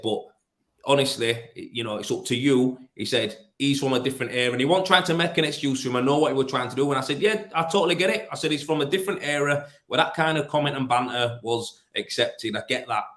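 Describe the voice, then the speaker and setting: A man's voice: mid-range voice, fast, a bit bright. A man with a broad Yorkshire accent, a plasterer telling blunt stories in a casual interview, full of restarts and fillers. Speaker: plasterer and business owner. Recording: roomy echo.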